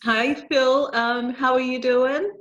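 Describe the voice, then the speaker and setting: A woman's voice: sits high, steady tone, slow pace, fairly bright tone. A woman hosting a podcast in a casual, chatty way, talking straight to her listeners. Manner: chatty, friendly, talks to listeners directly. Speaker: podcast host. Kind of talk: casual chat. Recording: dull, lo-fi sound.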